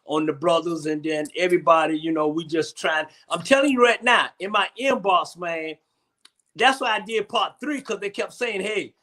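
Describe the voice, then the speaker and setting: A man hosts a casual comedy talk show. His voice sits high and bright, and he rambles and circles back on his words, laughing often. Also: normal speed. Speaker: host.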